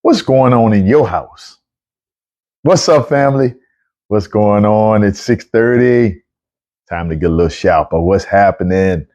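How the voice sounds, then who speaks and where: A man hosting a casual livestream Bible talk, chatty and excitable, often repeating himself as he greets viewers. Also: fairly low pitch, unhurried. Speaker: online show host.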